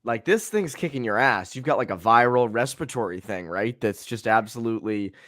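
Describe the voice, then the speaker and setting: A man co-hosting a casual sports podcast, animated and ranting as he chats. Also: mid-range voice, brisk, dry recording, clean studio sound. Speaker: podcast co-host.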